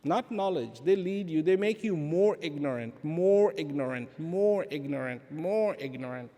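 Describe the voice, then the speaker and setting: A man giving an inspirational talk to an audience, animated, asking rhetorical questions and repeating phrases for emphasis. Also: on the high side, measured pace. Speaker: speaker addressing an audience. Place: large event hall. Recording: long hall reverb.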